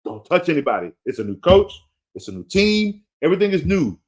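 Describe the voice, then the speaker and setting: A man's voice: fairly high pitch, very animated, a little fast, darkish tone. A man hosting a fantasy football show, ranting casually and repeating his warnings to a listener, playful and laughing at himself. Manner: emphatic and repetitive, pleading with a listener. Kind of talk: casual opinionated rant.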